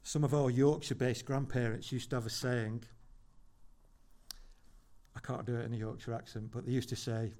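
A man preaching a sermon as pastor in church, conversational and wry with dry humorous asides, slowing down to land emphatic points. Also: mid-range voice, little pitch movement, a little mellow. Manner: builds to slow, emphatic points.

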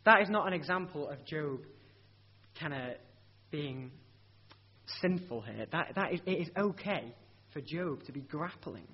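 A man's voice: on the high side, lively intonation, a little slow, long pauses, slightly rough. A man preaching a sermon in an earnest, conversational way, asking rhetorical questions and often restarting his sentences. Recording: dull lo-fi recording.

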